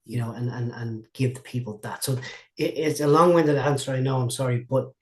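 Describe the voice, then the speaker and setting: Man, martial arts instructor, rambling storyteller, casual interview, average pitch. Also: brisk, darkish tone. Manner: rambling, repeats himself, restarts.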